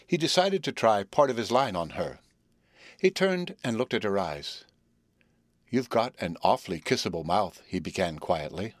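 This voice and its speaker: Low-voiced male storybook narrator. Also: dry recording, studio quality. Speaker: audiobook narrator. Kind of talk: scripted narration.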